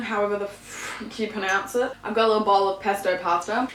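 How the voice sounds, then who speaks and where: A woman's voice: medium pitch, normal speed, few pauses, a bit bright, roomy sound, rough recording. A young woman vlogger chatting casually and candidly through a Q&A while eating, swearing freely and laughing easily. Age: young adult.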